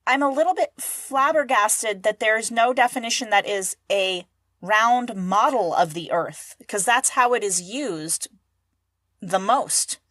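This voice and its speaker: A woman's voice: fairly high pitch, measured pace, a bit bright, no echo, studio quality. A woman co-hosting a casual comedy podcast who teases her partner, laughs often and gives mock-serious explanations. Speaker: podcast co-host.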